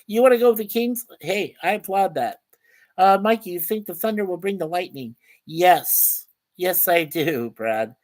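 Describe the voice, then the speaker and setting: A man's voice: high-pitched, animated, measured pace. Chatty man hosting a casual livestream. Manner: reads viewer comments aloud and greets viewers by name; chatty, stumbles and repeats words. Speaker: livestream host.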